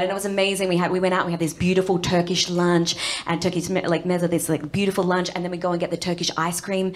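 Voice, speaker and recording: A young Australian woman performing stand-up comedy, chatty and quick to act out lines, tagging jokes with "right?". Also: on the low side, slight background noise. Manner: chatty, lots of "right?" tags, acts out lines.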